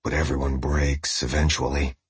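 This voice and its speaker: A man voicing a frightened male prisoner who speaks quietly with a subdued, trembling resolve. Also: rumbling low, steady tone, a little slow, breathy edge, dry recording, exaggerated voice. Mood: despairing. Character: broken male prisoner, defiant but frightened.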